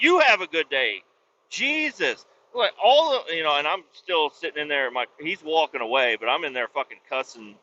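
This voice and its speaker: Guy ranting on his podcast, cussing a lot, bright tense voice, kinda muffled with faint hiss. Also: fairly high pitch. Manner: profane, exasperated, rambling. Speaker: podcast host. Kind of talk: casual storytelling rant.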